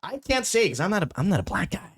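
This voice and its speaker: Male podcast co-host, casual chat, rambling and halting, lively swooping pitch. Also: husky. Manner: rambling, halting, with many restarts and laughs.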